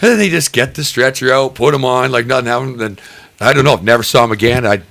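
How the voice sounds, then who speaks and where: A man's voice: medium pitch, fast, vocal fry, fairly bright tone, no room sound. A man telling a long, rambling story on a casual podcast, swearing freely and acting out what people said. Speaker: podcast co-host.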